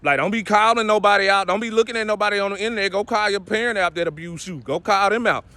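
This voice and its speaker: A man's voice: high-pitched, very fast, bright, forceful tone, no echo. A young man in his twenties ranting bluntly to camera in heavy street slang, preaching and calling people out. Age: 20s. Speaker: vlogger.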